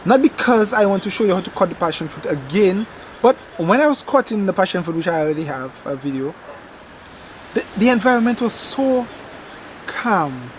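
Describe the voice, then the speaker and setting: A man's voice: high-pitched, moderate pace, slight background noise, poor audio. A man from Dominica with a Dominican accent, a gardening vlog host chatting casually and rambling animatedly to camera outdoors. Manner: rambling, animated storytelling with dramatic outbursts.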